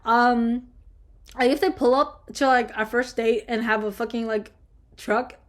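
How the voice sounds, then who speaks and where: A young woman vlogger answering viewer questions in a casual, heated rant, swearing constantly and filling every pause with fillers. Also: on the high side, little pitch movement. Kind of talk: casual ranting chat.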